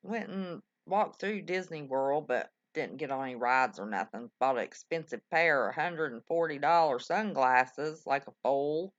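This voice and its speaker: A woman's voice: deep voice, unhurried, few pauses, highs cut off. An older woman, chatting folksily with her livestream viewers, full of exclamations. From West Virginia. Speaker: livestream host. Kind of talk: casual chat with live viewers.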